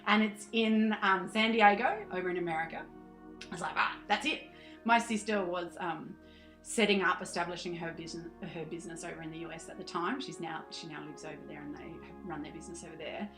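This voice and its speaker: A woman's voice: on the low side, quick pace, music in the background. Chatty Australian woman, roomy sound. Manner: animated and chatty, laughs often, acts out her past self. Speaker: podcast guest. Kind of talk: casual interview chat.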